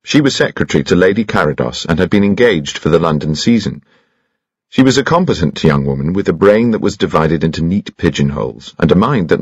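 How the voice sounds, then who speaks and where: A male audiobook narrator with a deep, gravelly, slightly husky voice and lively, expressive phrasing. His reading is measured and shaped. The recording is dry and somewhat lo-fi. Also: dry recording.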